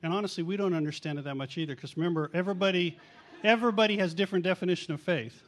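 A middle-aged man preaching through a story, with a slightly high voice. He talks casually, pokes fun at himself and acts out what others said. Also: racing. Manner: chatty, self-mocking, acts out quotes. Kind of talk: storytelling sermon.

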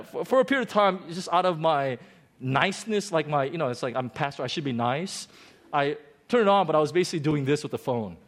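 High-voiced animated man preaching. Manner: animated, self-deprecating storyteller with restarts. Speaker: pastor. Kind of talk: sermon storytelling.

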